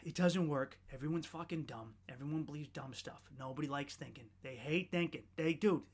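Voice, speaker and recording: A podcast host delivers a sardonic, profane comedic rant that rambles and restarts, swinging between loud outbursts and muttered asides. His voice sits on the high side with a breathy edge, at normal speed.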